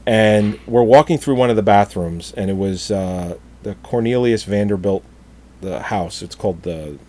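Speaking at a normal speed in a fairly low voice, a middle-aged man chats casually, recounting an exasperated story full of profanity. His manner is animated, he curses a lot, and he keeps laughing at his own tale.

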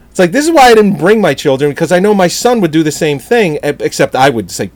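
A man's voice: fairly high pitch, quick pace, few pauses, dry recording. A middle-aged man telling an exasperated, profane story in casual chat, laughing at himself. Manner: animated, exasperated, swears often, laughs at own story.

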